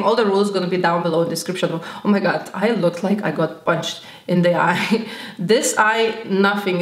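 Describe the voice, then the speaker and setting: A woman skincare vlogger talking casually to camera, gushing and effusive, often repeating her words. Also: mid-range voice. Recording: echoey room.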